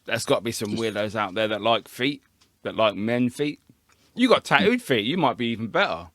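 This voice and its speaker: A man's voice: lowish voice, expressive, moderate pace, a bit bright, no room sound. A man, co-hosting a podcast with cheeky, laughing banter. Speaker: podcast co-host. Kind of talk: casual chat.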